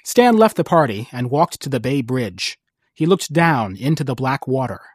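A woman narrating a story in a calm, even storytelling manner. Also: rumbling low, normal speed, breathy edge, no room sound, studio quality. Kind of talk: scripted narration.

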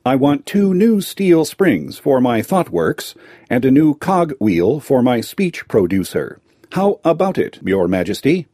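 A man's voice: mid-range voice, very animated, a little slow, mellow, no room sound, clean studio sound, voice pushed up. A man voicing a fearless clockwork metal man with a jerky, mechanical way of speaking, in a storybook reading. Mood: blunt.

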